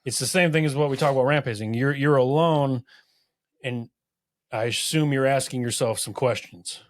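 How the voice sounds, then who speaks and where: A man's voice: medium pitch, normal speed, dry recording, studio quality. A man hosting a podcast interview, who keeps affirming the guest and summing up what he says. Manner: affirming, sums up the guest's words. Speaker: podcast host. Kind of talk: supportive interview chat.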